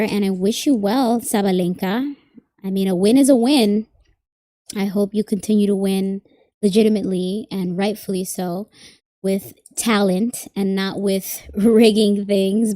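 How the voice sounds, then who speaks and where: A woman's voice: mid-range voice, warm tone. A woman giving a live tarot reading, chatting casually and thinking aloud with plenty of asides. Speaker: tarot reader.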